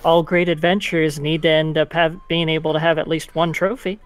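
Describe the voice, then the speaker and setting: A man's voice: on the high side, flat delivery, fairly quick, clean tone, faint music behind. A man playing a tabletop game, describing his character's actions earnestly. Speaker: player.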